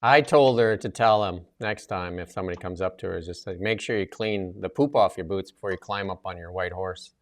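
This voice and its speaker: Gravelly low-voiced male talk host. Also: brisk, hardly any pauses. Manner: rambling, chatty, with many fillers and restarts. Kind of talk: casual talk show chat.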